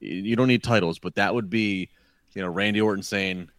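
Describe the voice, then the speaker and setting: A man's voice: fairly low pitch, brisk, fairly bright tone, no echo. A man co-hosting a podcast, rambling through wrestling talk and restarting his sentences. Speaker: podcast co-host. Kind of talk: casual wrestling chat.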